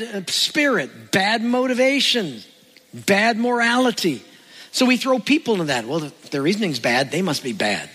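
A man with a bright, high-pitched voice preaches in a lively, sing-song way. He asks the congregation rhetorical questions and acts out the voices he quotes. His words carry a long reverb, as in a large church hall. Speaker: pastor. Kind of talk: sermon with jokes.

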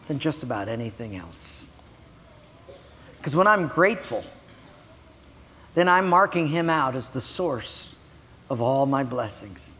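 Animated older man preaching a sermon. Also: high voice, big-room sound. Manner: animated storytelling, acts out voices. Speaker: pastor.

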